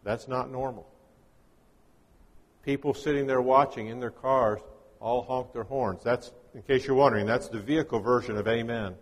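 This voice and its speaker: A man's voice: mid-range voice, fairly even intonation, a little fast, hardly any pauses, big-room sound. A man delivering a conversational, folksy sermon as a guest preacher, mixing scripture readings with casual teaching. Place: church.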